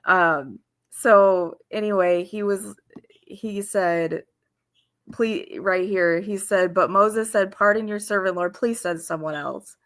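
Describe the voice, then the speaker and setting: A woman giving informal devotional teaching in an earnest, halting way, with pauses and restarts. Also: medium pitch. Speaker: faith video host.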